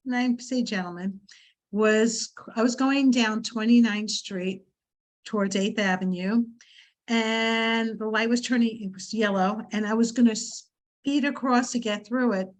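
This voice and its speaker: A woman co-hosting a casual chat, telling an anecdote with a dry, deadpan delivery. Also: on the high side, unhurried. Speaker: co-host.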